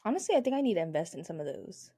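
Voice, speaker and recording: A young adult woman co-hosting a podcast, chatting casually with relaxed, dry quips and laughter. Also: fairly low pitch, rapid-fire, breathy edge. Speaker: podcast co-host, student. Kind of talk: casual chat.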